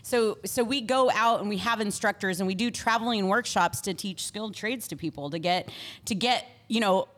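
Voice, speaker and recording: A woman's voice: mid-range voice, moderate pace, a bit bright. A woman co-hosting a casual chat show, bubbly and rambling, laughing often. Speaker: podcast co-host.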